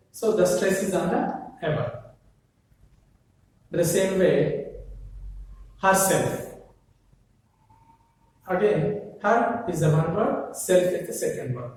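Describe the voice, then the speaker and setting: Slow Indian English lecturer in an echoey room. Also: male voice, sits high, dark tone. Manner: slow, repeats words and asks rhetorical questions. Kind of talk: classroom lecture. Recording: very echoey room, voice far from mic.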